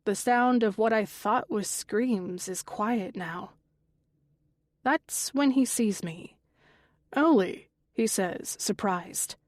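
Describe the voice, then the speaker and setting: A woman narrating a mystery thriller audiobook in the first person, in a steady, even storytelling manner. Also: mid-range voice, slow pace, dry recording, clean studio sound.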